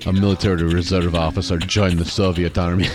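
A man's voice: sits low, little pitch movement, brisk, over music. A man hosting a comedy podcast, reading a mock-serious documentary script in a playful, absurd way. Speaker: podcast host. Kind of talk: comedic read-aloud narration.

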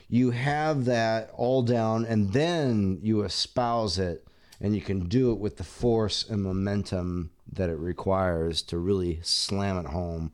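A man's voice: sits low, slow pace, a little mellow, smooth. A man co-hosting a podcast in casual chat, emphatic and playful. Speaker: podcast co-host.

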